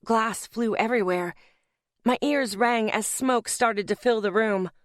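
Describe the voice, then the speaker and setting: A woman's voice: a little high, a little slow, no echo, studio quality. A woman narrating a first-person audiobook in a tense, dramatic storytelling manner.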